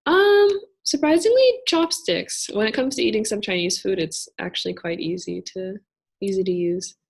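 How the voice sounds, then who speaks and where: A woman's voice: medium pitch, normal speed, vocal fry, husky. A young woman, a student presenter, explaining things in a careful, hedging, casual way. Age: young adult.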